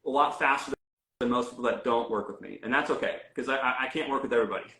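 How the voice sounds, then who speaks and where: Man, health coach guest, casual interview talk, middle pitch, lots of fillers, echoey room. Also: fast, bright, forceful tone. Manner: conversational, frequent fillers and restarts.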